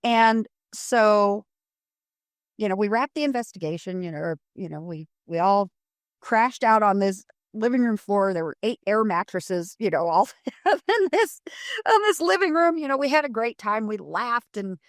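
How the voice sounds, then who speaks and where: In a casual interview, a middle-aged woman from Colorado tells a paranormal investigation story, animated, full of fillers, and acting out quotes. Her voice is medium-pitched at a moderate pace, recorded in studio quality with no room sound.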